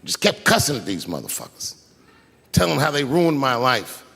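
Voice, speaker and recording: A man doing stand-up comedy, telling a story in an animated, profane way. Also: mid-range voice, normal speed, gravelly, slightly rough, big-room sound.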